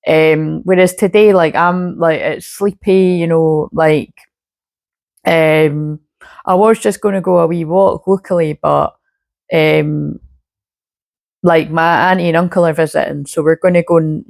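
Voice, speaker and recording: Rambling woman with some vocal fry. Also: low-pitched, steady tone, moderate pace, darkish tone. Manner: rambling, filler-heavy. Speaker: spiritual reader. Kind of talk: casual astrology chat.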